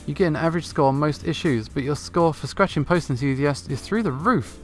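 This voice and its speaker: A man's voice: a little high, fairly quick, faint music behind, close to an everyday voice. A man voicing an upbeat female cat campaign manager, reading her lines in a chipper, encouraging way in his own voice. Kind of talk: visual novel voice-over reading.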